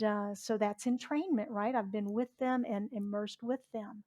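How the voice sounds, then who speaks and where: A woman's voice: a little high, a little mellow. A middle-aged woman from Southwest Virginia, preaching a chatty sermon as a reverend and asking the congregation questions. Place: church sanctuary.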